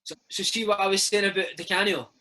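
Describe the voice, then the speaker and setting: A Scottish man in his thirties, a former footballer telling stories in a casual interview, animated and peppering his talk with "mate". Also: high voice, quick pace, low-quality recording. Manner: animated, chatty, keeps saying mate. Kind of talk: casual storytelling chat.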